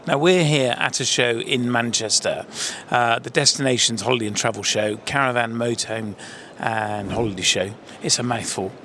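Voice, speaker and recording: A man's voice: medium pitch, moderate pace, hardly any pauses, bright, forceful tone, a little hiss or hum. Chatty male podcast host at a show. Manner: chatty, laughs easily. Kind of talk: casual interview at a trade show. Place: busy exhibition hall.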